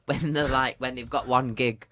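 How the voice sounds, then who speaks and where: A chatty woman with a British accent, a drag performer talking as a podcast guest in a lively, storytelling manner. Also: extremely low pitch, moderate pace. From Britain. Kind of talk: casual chat.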